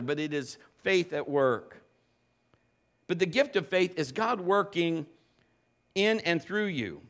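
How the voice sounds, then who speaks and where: A middle-aged man preaching a sermon in a church, telling stories and acting out the quotes in lively voices. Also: high voice. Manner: animated storytelling with acted-out quotes. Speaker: pastor.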